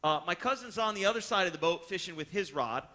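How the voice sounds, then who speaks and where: A man's voice: sits high, fast talker. A man telling a personal fishing story, explaining step by step and acting out the voices of the people in it. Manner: animated, acts out voices in his story. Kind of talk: personal story told to listeners.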